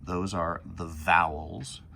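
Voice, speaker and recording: A man's voice: sits low, fairly even intonation, slow pace, vocal fry, pushed and bright, a little hiss or hum. A man teaching a recorded phonics lesson for young children, patiently sounding out words letter by letter.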